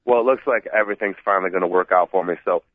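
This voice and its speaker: A stuffed-up man with a mid-range voice rattles along at high speed, rambling and repeating himself. He comes through a tinny, dry phone line. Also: rapid-fire, no room sound. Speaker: sports radio co-host calling in. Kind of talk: casual sports talk.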